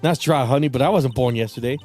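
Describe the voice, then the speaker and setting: A man's voice: medium pitch, fast, darkish tone, faint music behind, close to an everyday voice. Dude doing a sassy country-ish lady witness, mouthy and brash. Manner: sassy, folksy. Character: brash folksy woman witness.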